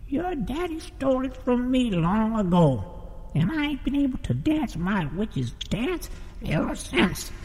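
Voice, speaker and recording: A wicked old witch croons her threats, put on by a man in a slow, folksy drawl. Her pitch swoops wildly from high to low, and the voice rings out with a long, hall-like reverb. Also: sing-song, darkish tone, exaggerated voice. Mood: menacing. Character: nasty old female witch, greedy and menacing.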